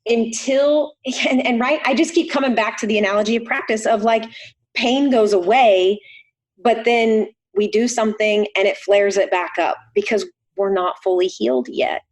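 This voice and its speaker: A woman's voice: fairly high pitch, normal speed. A middle-aged woman, a chiropractor guest on a podcast, telling a personal story in an earnest way. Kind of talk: casual conversation.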